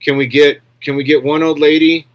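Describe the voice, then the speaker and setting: Man, blunt rambling livestream commentary, fairly high pitch, checks in with chat. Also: little pitch movement, moderate pace, highs cut off. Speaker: livestream host.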